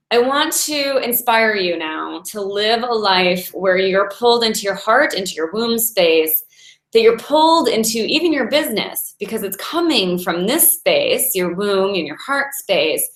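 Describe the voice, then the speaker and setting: A Taoist meditation teacher in her forties gives a casual, inspirational talk at a medium pitch. She chats freely and laughs often while telling stories, and the room adds a noticeable echo.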